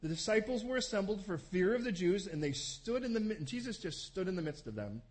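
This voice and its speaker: A man preaching a sermon, animated, acting out scenes with voices. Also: high voice, a little fast. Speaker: pastor.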